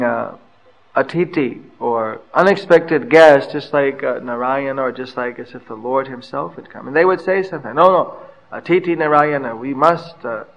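An older man giving a scripture class, telling stories from his travels and pausing often with fillers. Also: medium pitch, creaky, muffled recording. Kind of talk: anecdotal scripture lecture.

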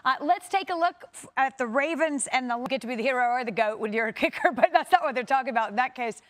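Fast-talking woman sports host. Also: high voice, lively intonation. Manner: conversational, leads the panel with quick questions. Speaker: studio host. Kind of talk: sports studio discussion.

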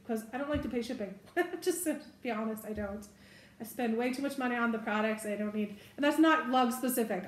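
Chatty, giggly woman in an echoey room. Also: fairly high pitch. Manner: chatty, giggly, self-correcting asides. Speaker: bag reviewer. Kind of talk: casual product review.

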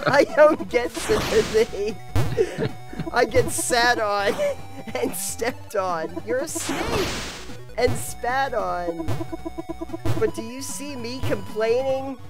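A man voicing an indignant, theatrical high-school misfit student who rants defiantly, over game music. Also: unhurried. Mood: indignant ranting.

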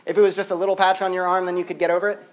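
In a high-pitched, rapid-fire voice, a male university philosophy lecturer addresses his classroom. The talk is animated and conversational, crowded with "like" fillers.

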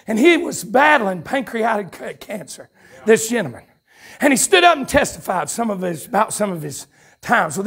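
Southern preacher guy at a camp meeting, real high voice with lots of gravel, gets shouty and fired up. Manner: storytelling that builds into fervent shouted preaching. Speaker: pastor. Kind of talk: revival sermon. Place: church camp meeting before a congregation.

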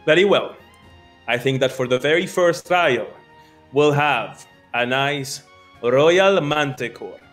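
A man voicing a pompous male military officer and grand showman, with a booming, declamatory, theatrical delivery. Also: animated, takes it slowly, a bit bright, soft background music. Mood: showy, teasing.

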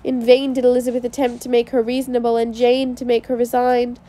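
A woman's voice: fairly high pitch, monotone, fairly quick, warm tone. A woman reading a classic novel aloud as an audiobook, with small slips and restarts along the way. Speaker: audiobook reader.

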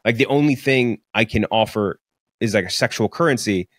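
Casual podcast co-host, young male, lowish voice, rambly and profane, dry close mic. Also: normal speed, fairly bright tone, dry recording. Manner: rambling, filler-heavy, profane. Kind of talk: casual movie review chat. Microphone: studio podcast mic.

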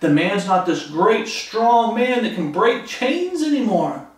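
A man preaching a sermon, fervent and animated, acting out the voices of the people in his story. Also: high-pitched, slow. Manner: fervent, acts out quoted voices. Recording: echoey room from far off.

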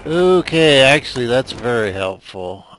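Unhurried and sing-song, this man's mid-range voice has a fairly bright tone over faint hiss or hum. He's a let's play commentator chatting loosely as he games, wandering off topic, self-deprecating and frequently muttering to himself.

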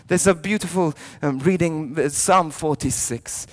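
A priest telling a story in a youth sermon, swinging from soft lines to loud ones and often restarting his words. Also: a little high, unhurried. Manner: animated storyteller, jumping between hushed lines and loud shouted quotes; frequent restarts and repeated words.

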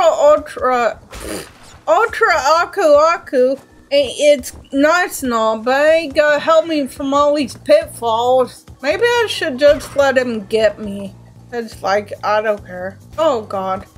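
A young woman commenting on her own gameplay, exasperated and self-mocking, slipping into sing-song complaints. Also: high-pitched. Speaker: let's play gamer. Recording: faint game music behind.

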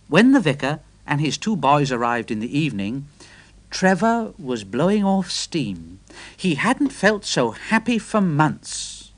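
Slow, expressive male storyteller. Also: a little high, dry recording. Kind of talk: storybook reading.

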